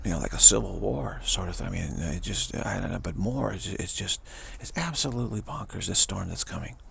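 A man giving rambling spiritual commentary, chuckling and halting with many restarts. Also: deep voice, expressive, vocal fry, a bit bright, a little hiss or hum.

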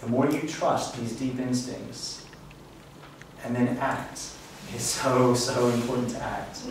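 This spiritual workshop speaker talks slowly, his medium-pitched voice holding a steady tone as he lectures a live audience with earnest reflection. The event room echoes, and the distant mic adds a faint hiss.

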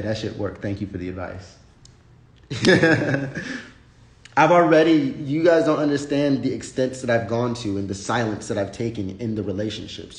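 A man's voice: medium pitch, darkish tone. Blunt, profane man ranting on a stream. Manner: blunt, profane, rambling with restarts. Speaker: livestream host. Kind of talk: casual unscripted livestream rant. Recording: roomy echo.

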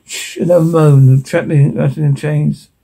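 A man narrates a film script in a mellow, slightly husky voice that sits a touch high for a man. His reading is plain and unpolished, stumbling now and then and starting lines over. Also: fairly even intonation, normal speed. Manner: plain reading with small slips and restarts.

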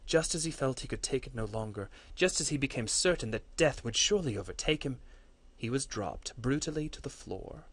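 Guy reading a fantasy story out loud, steady and earnest, mid pitch, trips on a word now and then. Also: a little fast, no echo. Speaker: course instructor.

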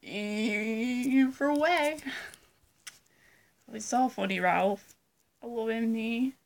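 Close to a phone or webcam mic, a woman vlogger chats casually between impressions, giggling and rambling in a self-deprecating way. Her voice sits on the high side, a little slow and a little mellow, with vocal fry.

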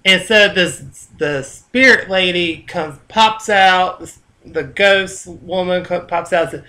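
A man talking casually on his own vlog, telling stories in a loose, chatty way with cursing and quiet asides. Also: high voice, takes it slowly. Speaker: vlogger.

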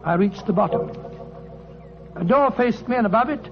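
Dr. Watson, a prim gentleman. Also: high-pitched, animated, moderate pace, vocal fry. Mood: narrating. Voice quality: proper, indignant, narrating. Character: Dr. Watson, earnest gentleman narrator. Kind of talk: 1940s radio acting. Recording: dull old radio recording with music.

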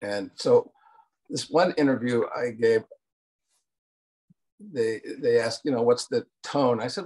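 An older man recounts stories from his career in a loose, rambling way, full of fillers and restarts. He slips into acted-out quotes as he goes, and his voice sits at an everyday middle pitch. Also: slow pace, pauses often, darkish tone, breathy edge. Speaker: interview guest, cartoon producer. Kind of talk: casual storytelling interview.

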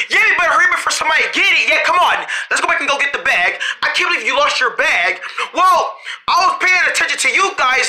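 A cartoon creator voicing every character in a family road-trip cartoon, with frequent shouting and screams. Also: high-pitched. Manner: shouting and screaming often, animated. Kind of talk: one-person cartoon dialogue.

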